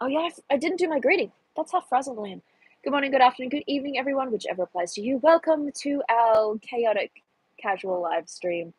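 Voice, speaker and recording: A woman's voice: fairly high pitch, breathy edge, dry recording, rough recording. A young woman, hosting a casual live stream and chatting through the chat with a self-deprecating manner. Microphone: phone.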